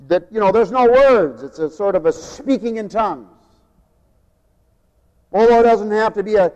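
A man with a fairly high voice delivers a sermon to his congregation. He swings from emphatic, raised phrases down to quiet, personal storytelling. The recording is a dull, lo-fi tape, with long reverb from the hall. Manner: emphatic preaching, rising pitch on key phrases, quieter storytelling asides. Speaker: preacher.

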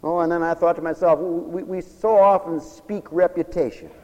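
A man with a high voice preaches an emphatic, folksy sermon. He tells stories and calls for amens. His voice rings out with a long reverb, as in a large hall. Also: fairly even intonation, normal speed, darkish tone, dull audio.

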